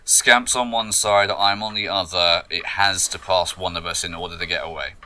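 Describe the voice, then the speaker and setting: A man with a low, very bright and forceful voice plays a tabletop game. He talks his moves through aloud, hesitating often. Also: steady tone, moderate pace, slight background noise. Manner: thinks aloud, hesitant with many fillers. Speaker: player.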